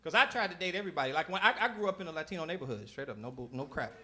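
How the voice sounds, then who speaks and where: A slightly high-voiced comedian rattles off rapid-fire stories during a club set, slipping into impressions of his family. The crowd is audible behind him, loud in the live recording.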